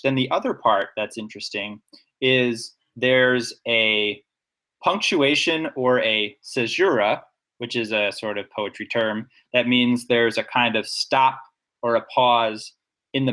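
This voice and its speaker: With a bright, forceful voice at medium pitch, a man co-hosting a podcast explains things in a relaxed discussion. He comes across as enthusiastic, nerdy and analytical, talking his way through examples.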